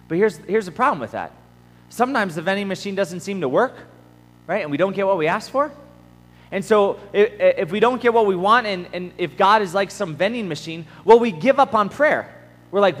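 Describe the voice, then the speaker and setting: A man's voice: sits high, lively intonation, brisk, fairly bright tone. A young man giving a casual, self-deprecating camp sermon, acting out his own distracted prayers. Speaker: camp speaker. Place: camp meeting hall. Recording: long reverb from a hall.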